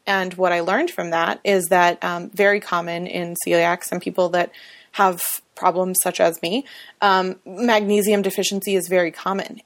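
Woman explaining things on a podcast. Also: mid-range voice. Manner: explanatory, with frequent ums. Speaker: podcast co-host. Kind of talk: casual chat.

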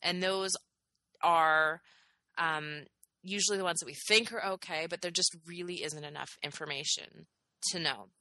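Low-voiced woman explaining science casually. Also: fairly even intonation, moderate pace, sharp tone, no echo, poor audio. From Canada. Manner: explanatory, science-minded, many "um"s and "you know"s. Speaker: podcast co-host. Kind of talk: casual health podcast chat.

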